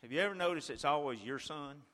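A man preaching a sermon, retelling a story like a play-by-play and swinging from a hush to a shout. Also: fairly high pitch, lively intonation, fast talker, in a large hall.

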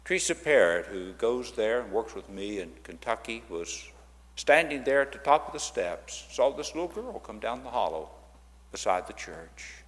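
This man's voice sits on the low side and moves at a moderate pace. Giving a church talk about a ministry, he tells stories with animation and acts out the voices of the people in them, all heard through a large hall's long reverb.

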